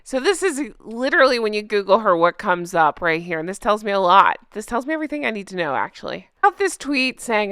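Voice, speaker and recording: Bright, lively woman mocking the news. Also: mid-range voice, normal speed, few pauses, no echo, studio quality. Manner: laughing, mocking, animated. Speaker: host. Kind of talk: sarcastic commentary chat.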